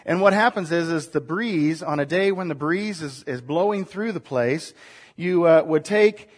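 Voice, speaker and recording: A man's voice: on the high side, normal speed. A man preaching a sermon in a conversational way, asking his listeners questions as he explains. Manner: conversational, asks the congregation questions.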